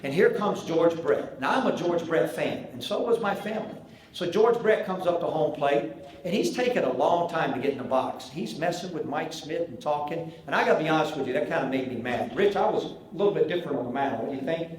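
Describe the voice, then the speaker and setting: A man in his sixties with a Southern North Carolina accent tells animated, folksy stories from a banquet stage. His voice sits a little high for a man. It rings through a very echoey hall with a faint murmur of room noise behind it. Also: fairly quick. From Charlotte, North Carolina. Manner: folksy, animated anecdote-telling. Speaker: banquet keynote speaker. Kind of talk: after-dinner storytelling speech.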